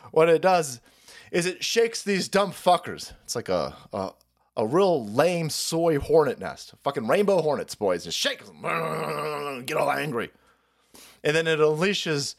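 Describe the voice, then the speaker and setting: A man hosting a livestream, ranting in a profane, mocking way and laughing often. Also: medium pitch. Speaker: streamer host.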